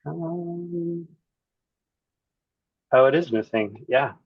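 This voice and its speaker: A man's voice: a little high, extremely slow, no echo. Guy narrating his clicks on a call, easygoing, muffled dry audio. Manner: relaxed, thinks aloud while clicking through. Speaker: client. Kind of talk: casual software demo walkthrough.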